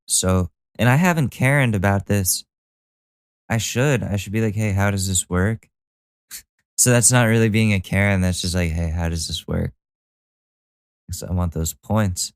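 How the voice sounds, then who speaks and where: Male podcast host from Connecticut, casual profane rant, low resonant voice, dry booth sound. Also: clear, resonant tone, dry recording. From Connecticut, USA. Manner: loose, profane, animated ranting with filler restarts. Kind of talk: casual ranting commentary.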